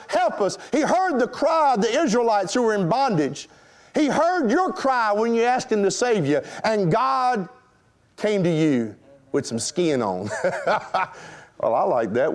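A man preaching a sermon to his congregation, emphatic and rhetorical, addressing them directly. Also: high voice. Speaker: pastor.

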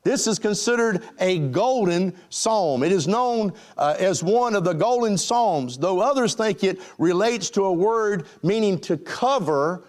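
Here a male preacher speaks in a high, animated, slightly mellow voice, a bit slowly and with almost no pauses. He keeps things folksy and playful, joking and chuckling with the people in the pews.

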